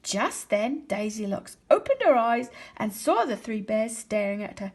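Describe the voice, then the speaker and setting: Expressive woman teacher reading a storybook. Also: fairly high pitch, slightly rough. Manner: expressive, slows for emphasis. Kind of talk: storybook read-aloud.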